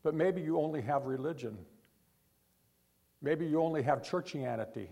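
Male preacher, fairly high husky voice, earnest pleading sermon delivery. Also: moderate pace, warm tone. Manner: pleading, rising to emphatic then dropping low.

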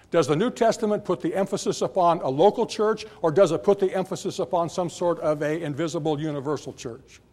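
A man's voice: a little high, creaky. A male pastor preaching a sermon in a church, emphatic and repetitive, often restarting his words. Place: church sanctuary.

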